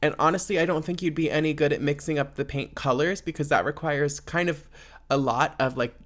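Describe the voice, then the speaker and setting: A man's voice: fairly high pitch, steady tone, a little fast, fairly bright tone. Male podcast host, casual solo chat, sarcastic, rambling with lots of fillers.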